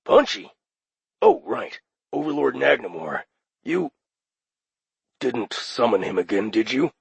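A man voicing a friendly male demon phone operator with a raspy voice and chummy customer-service patter, in an audiobook. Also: mid-range voice, big pitch swings, slow, no room sound, voice pushed up, exaggerated voice. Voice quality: raspy, gravelly. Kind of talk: audiobook character voice.

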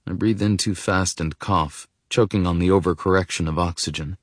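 A man reading first-person audiobook narration in a quiet, subdued, measured way. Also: low-pitched, fairly even intonation, dry recording, clean studio sound.

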